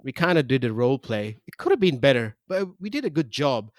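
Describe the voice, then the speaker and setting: A man co-hosting a podcast, rambling in loose casual chat. His voice sits at a middle pitch. The sound is dry and close. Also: sing-song, a little fast, no echo. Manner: rambling, many restarts and fillers. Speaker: podcast co-host.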